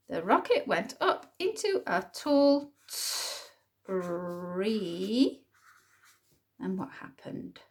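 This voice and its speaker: A woman teaches a phonics writing lesson for small children, sounding out each word and thinking aloud. Her pace is very slow and deliberate, and her pitch rises and falls in a lively way. A gravelly edge runs through her voice. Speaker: primary school teacher.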